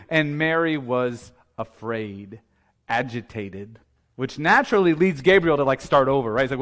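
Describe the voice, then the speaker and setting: A man's voice: mid-range voice, animated, unhurried, fairly bright tone. A man preaching a sermon as the church's pastor, talking in a casual, joking way and often laughing at his own remarks. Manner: conversational and playful, laughing often.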